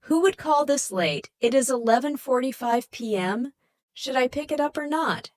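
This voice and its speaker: A woman's voice: medium pitch, big pitch swings, unhurried, dry recording. A woman voicing a worried, agitated wife answering a late-night phone call. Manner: anxious, raised voice.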